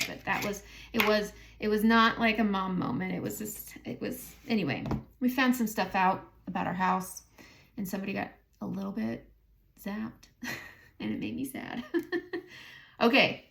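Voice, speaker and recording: A woman with a Southern American accent chats her way through a makeup tutorial, narrating each step and muttering to herself as she goes. Her voice sits at a middle pitch with a gravelly, creaky edge. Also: big pitch swings, normal speed, noisy background. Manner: chatty, thinking aloud, self-talk while applying makeup. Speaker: beauty vlogger. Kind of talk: casual makeup tutorial chat.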